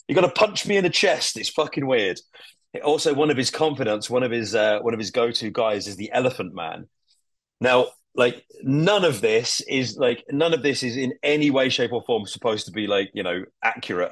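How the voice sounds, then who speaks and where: A man's voice: medium pitch, dry recording. A man on a casual podcast chat, talking enthusiastically and swearing often while he stumbles through fillers and restarts. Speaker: podcast guest.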